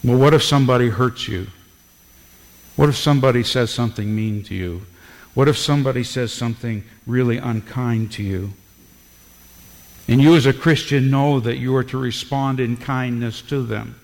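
A man's voice: mid-range voice, normal speed, gravelly. A man preaching a sermon as pastor, emphatic, with rising bursts of volume. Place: church sanctuary. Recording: long hall reverb.

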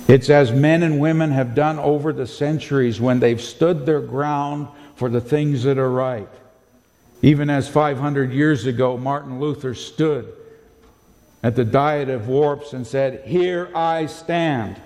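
Man, pastor, sermon, slow and measured, warm mellow tone, emphatic, rhetorical questions. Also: mid-range voice. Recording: long hall reverb.

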